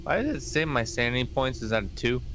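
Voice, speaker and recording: Animated man player with lively pitch. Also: fast, slight background noise. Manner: animated, puzzled questioning. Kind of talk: casual in-character play at a game table. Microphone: home streaming mic.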